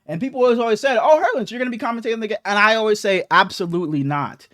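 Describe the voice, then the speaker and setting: A young man with a notably high voice, chatting on a podcast as co-host. He tells stories animatedly and swears a lot, his speech loose and unscripted. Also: racing. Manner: animated, profane storytelling with acted quotes. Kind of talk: casual chat, storytelling.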